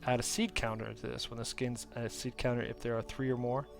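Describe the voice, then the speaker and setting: A man's voice: medium pitch, level tone, a little fast, gravelly, faint music behind. A man streaming a card game, giving casual commentary and reading card texts aloud. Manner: muttering, reading cards aloud.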